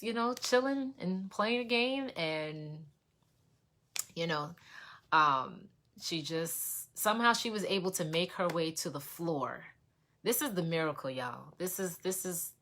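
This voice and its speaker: A woman's voice: sits low, bright, forceful tone, slight background noise. A woman hosting an online prayer stream, sharing a testimony in casual, emotional talk, repeating herself and speaking straight to her viewers. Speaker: host of an online prayer livestream. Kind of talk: casual testimony to a live audience.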